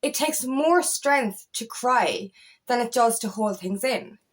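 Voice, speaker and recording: A woman's voice: fairly high pitch, animated, slow. A woman, a feminine empowerment coach, talking straight to camera in a passionate, blunt way, swearing freely. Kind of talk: direct-to-camera talk.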